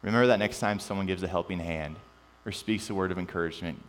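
A man preaching a sermon, animated and joking at times, then dropping to quiet emphasis. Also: low voice, fast talker. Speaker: pastor. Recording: long reverb with mains hum.

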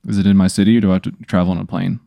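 A man playing along in a casual role-play, asking quick, curious questions. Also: deep voice, little pitch movement, vocal fry, no room sound, highs cut off. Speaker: player.

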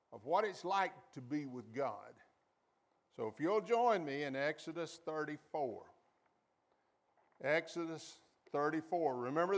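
A man preaches a sermon as a pastor, urging the congregation to repeat after him and acting out quoted voices with sudden high leaps in pitch.

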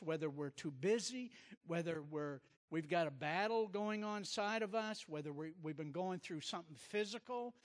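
Emphatic preacher man, slightly high voice. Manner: animated storytelling, emphatic repetition. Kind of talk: sermon with personal stories.

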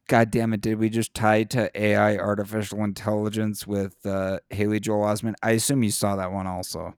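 A man with a somewhat low voice chats casually and swears freely. He turns animated and climbs in pitch when something excites him. The sound is close and dry, with no room around it. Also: moderate pace, clean tone, no echo. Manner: profane, animated, rises in pitch when impassioned. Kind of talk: casual chat.

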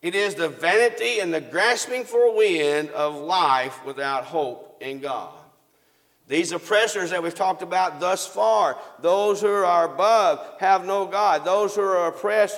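A preacher with a raised, gravelly voice delivers a sermon. He reads scripture aloud and puts questions to the congregation, then answers them himself. The long reverb of a church hall carries his words. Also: high-pitched, fairly bright tone.

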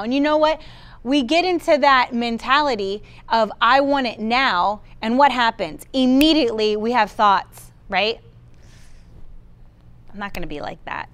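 A woman delivers a sermon in a smooth, resonant voice that sits slightly high. She speaks emphatically, often voicing what believers ought to say. She also calls out to people in the room by name. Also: moderate pace, fairly bright tone. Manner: emphatic, quotes the congregation's inner voice; addresses listeners by name. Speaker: preacher.

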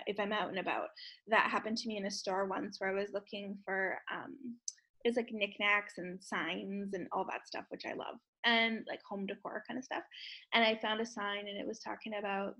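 A woman's voice: mid-range voice, a bit bright, rough recording. A woman who works as a medium, co-hosting a podcast and telling stories in a chatty way with plenty of fillers and restarts. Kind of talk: casual chat.

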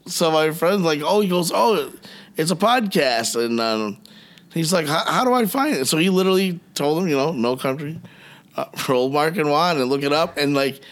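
A middle-aged man co-hosting a podcast, telling animated stories in casual chat, swearing freely and acting out what people said. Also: on the high side, moderate pace. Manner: animated storyteller, swears freely, acts out quotes. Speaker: podcast co-host.

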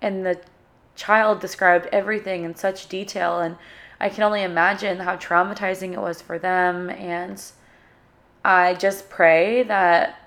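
A young woman hosting a solo podcast, talking in an emotional, halting way and searching for her words. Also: on the low side, fairly bright tone. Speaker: podcast host.

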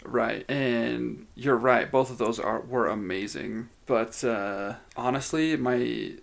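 A man's voice: medium pitch, steady tone, takes it slowly, vocal fry. A man co-hosting a podcast, chatting casually and laughing often as he retells funny moments. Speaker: podcast co-host. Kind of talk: casual chat.

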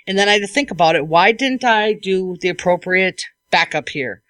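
A woman hosting a podcast as an IT technician, telling a work story in a lively, casual way and acting out what people said. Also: lowish voice, moderate pace, hardly any pauses, no room sound.

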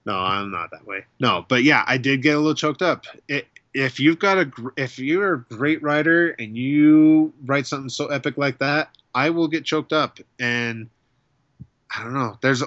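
A man with a bright, forceful voice chatting casually as a show co-host. He gushes enthusiastically. The sound is dry and a bit muffled. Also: mid-range voice, normal speed, no room sound. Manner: enthusiastic, gushing. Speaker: podcast co-host. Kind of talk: casual chat.

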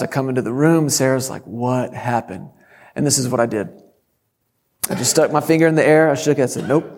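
A middle-aged man preaching a sermon, telling a story and breaking into sudden loud shouts. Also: medium pitch, big-room sound. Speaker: guest preacher.

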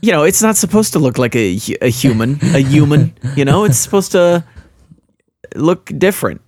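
A man's voice: a little high, animated, moderate pace, a little mellow, dry recording, clean studio sound. A man in a casual game discussion who talks hesitantly, with many fillers and restarts.

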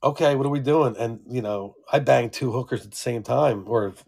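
A man's voice: medium pitch, brisk, vocal fry, darkish tone. Man telling crude, boastful stories. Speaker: podcast co-host. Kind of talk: casual podcast chat.

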